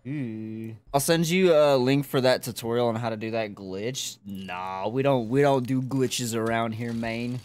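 A young adult streamer chatting casually while opening game cases, swearing and yelping loudly when excited. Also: medium pitch, unhurried, few pauses. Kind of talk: casual live-stream commentary.

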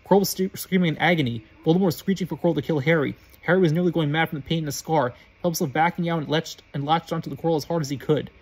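A man reading a story aloud, quickly and with frequent stumbles and restarts. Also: a little high. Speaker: reader.

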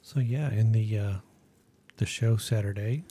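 A woman's voice: a bass voice, measured pace, warm tone, a little hiss or hum. A woman co-hosting a live painting show, bantering casually and laid-back. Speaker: co-host. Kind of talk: casual chat.

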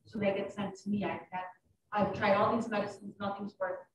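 A woman doctor giving an informal question-and-answer talk, who tells stories lively and acts out her patients' voices. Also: medium pitch, a little fast, noisy background. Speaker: urogynecologist giving a library talk. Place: library meeting room. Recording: echoey room, distant dull mic.

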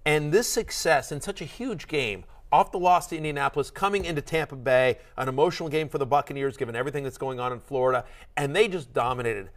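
A man co-hosting a fantasy football show, talking in an excitable, rambling way with lots of restarts. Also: mid-range voice, fast. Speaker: fantasy football analyst and co-host. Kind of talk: animated sports podcast chat. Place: studio.

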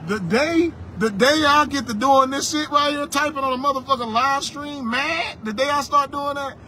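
A man in his twenties ranting in a loud, crude way, whooping and laughing between slow, drawn-out lines. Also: very high-pitched, steady tone, slight background noise. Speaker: vlogger. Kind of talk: casual rant.

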